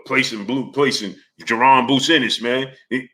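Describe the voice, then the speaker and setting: A man's voice: medium pitch, steady tone, normal speed, hardly any pauses, fairly bright tone. A man hosting a boxing livestream, talking casually, greeting chatters by name and firing the same question again and again.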